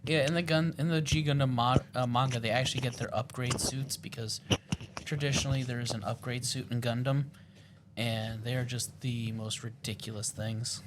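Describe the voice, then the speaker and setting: A man with a mid-range voice co-hosts a casual podcast chat and rambles excitedly, stopping and restarting his sentences. Faint noise runs under his voice. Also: medium pitch, moderate pace. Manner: rambling and excitable, with frequent fillers and self-corrections. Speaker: podcast co-host.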